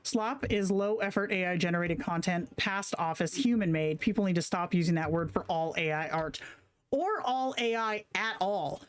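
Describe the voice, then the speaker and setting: Woman streamer talking casually, slangy and kinda profane, reading chat out loud. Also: lowish voice, moderate pace. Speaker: livestream host.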